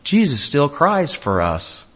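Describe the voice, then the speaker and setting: A man preaching a sermon, earnest, moving between loud urging and hushed tender lines. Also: a little high, wildly swooping pitch, slow pace, highs cut off.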